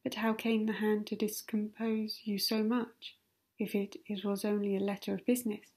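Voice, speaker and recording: A woman playing a meddling older woman, prying, whispered role-play, low mellow voice. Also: level tone, normal speed, husky. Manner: prying, insistent.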